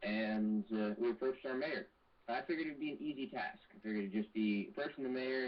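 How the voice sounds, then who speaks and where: Young male guest, lowish voice, earnest and intense, distant dull Skype audio. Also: moderate pace. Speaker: guest, activist. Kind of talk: interview over a call. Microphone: Skype call.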